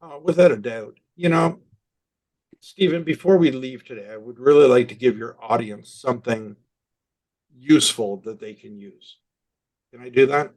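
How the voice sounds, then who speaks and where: Older man telling lively stories. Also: mid-range voice, moderate pace. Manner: animated anecdotes with quoted dialogue. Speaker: marketing consultant guest. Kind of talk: storytelling in a podcast interview.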